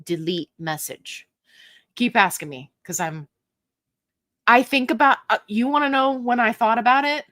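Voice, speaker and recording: A woman's voice: fairly high pitch, normal speed, a bit bright, no room sound, clean studio sound. A woman hosting a casual live Q&A stream, reading viewer comments aloud in a chatty, playful and self-mocking way, laughing often. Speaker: livestream host.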